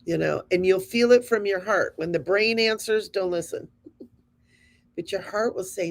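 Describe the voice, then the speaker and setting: A woman's voice: medium pitch, normal speed. A woman in her fifties hosting a spiritual show, talking to her audience in an earnest, encouraging, conversational way. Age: 50s.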